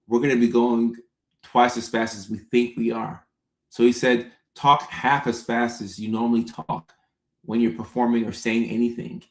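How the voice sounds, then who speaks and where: Guy chatting on a livestream, reading comments, gravelly voice, roomy echo. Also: mid-range voice. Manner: unhurried, talks straight to viewers by name. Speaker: comedian and livestream host answering chat. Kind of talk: casual livestream chat.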